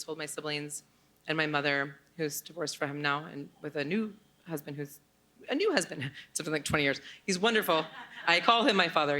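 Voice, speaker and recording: A woman's voice: deep voice, bright, forceful tone. A woman in her forties telling a true personal story live on stage, candid and blunt, swearing casually.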